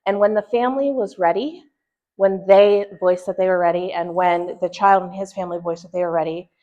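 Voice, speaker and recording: A woman presenting to a church group, speaking earnestly and thoughtfully, with pauses and restarts as she reflects. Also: on the low side, fairly even intonation, mellow. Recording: dull lo-fi recording.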